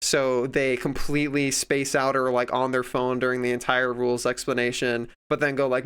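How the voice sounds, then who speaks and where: A man's voice: mid-range voice, level tone, fairly quick, hardly any pauses, fairly bright tone, clean tone. A man streaming casual chat, rambling in a profane way and acting out other people in quoted voices.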